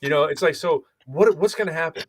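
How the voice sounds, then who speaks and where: A man co-hosting a podcast, talking in an animated, emphatic way and repeating phrases for effect. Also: on the high side, fairly quick, a little hiss or hum. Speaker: podcast co-host. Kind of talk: casual chat.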